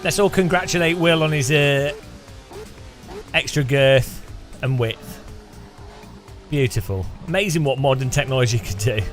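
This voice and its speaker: Teasing streamer. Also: male voice, medium pitch, measured pace, pauses often, soft background music. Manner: teasing, joking, chatty with restarts. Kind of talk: casual gameplay commentary.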